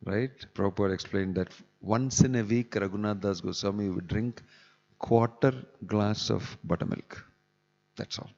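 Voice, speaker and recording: A man's voice: on the low side, steady tone, normal speed, darkish tone. A man giving a scripture class in a temple, talking conversationally with chuckling asides. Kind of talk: sermon. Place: temple hall. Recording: dull echoey hall recording.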